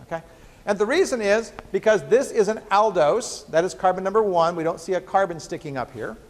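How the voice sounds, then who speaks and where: In a reverberant lecture hall, a male biochemistry professor with a high, slightly fast voice gives a joking university lecture, peppering the class with rhetorical questions.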